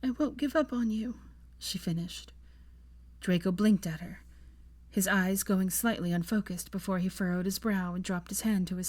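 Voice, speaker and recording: A woman reading fan fiction aloud in a soft, gentle narration. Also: lowish voice.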